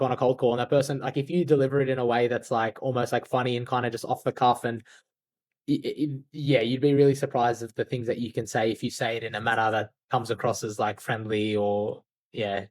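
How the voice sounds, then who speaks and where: A man's voice: mid-range voice, dry recording. A man talks candidly and loosely as a podcast guest, dropping the odd swear word and plenty of "like." His voice sits in an ordinary middle range, and the recording is dry and close with no room sound. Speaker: podcast guest, outbound sales agency founder. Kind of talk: casual interview talk.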